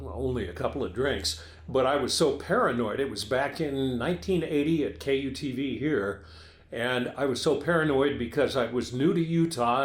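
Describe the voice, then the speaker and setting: A man's voice: mid-range voice, reverberant. A man in his sixties co-hosting a casual talk show, telling stories in a wry, self-deprecating way. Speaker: co-host. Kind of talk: casual chat.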